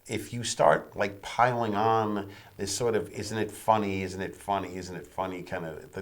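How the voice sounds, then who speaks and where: A man, a screenwriter, speaking frankly and bluntly in a casual interview, swearing now and then. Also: deep voice.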